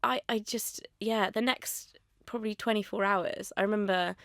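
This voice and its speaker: A woman's voice: mid-range voice, fairly even intonation, moderate pace, a bit bright, dry recording. A young woman, a podcast guest, talking candidly and chattily into a studio mic, with lots of "like" in her speech. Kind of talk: casual chat. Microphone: studio microphone.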